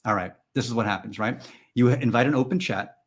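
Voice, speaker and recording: A man hosting a live stream and chatting with viewers in a goofy, rambling way, jumping from loud mock-indignant bursts to mumbled asides. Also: medium pitch, brisk. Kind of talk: joking live chat with viewers.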